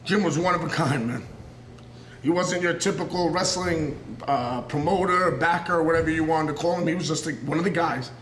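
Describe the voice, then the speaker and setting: Intense New York wrestler, roomy echo. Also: male voice, on the high side, moderate pace, a bit bright, slight background noise. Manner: earnest and intense, rambling, circling back on himself. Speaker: professional wrestler. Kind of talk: raw unscripted wrestling promo interview.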